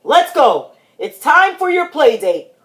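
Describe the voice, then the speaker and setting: A woman's voice: sits high, sing-song, slow pace, fairly bright tone, voice pushed up, full character voice. A woman voicing a stern, impatient father frog who scolds in a storybook reading.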